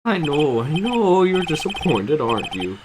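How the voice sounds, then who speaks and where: A man's voice: on the high side, sing-song, unhurried, background noise, voice pushed up. A man voicing a timid, nervous grown man in a fan dub of a video game, speaking hesitantly and stammering. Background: loud game music.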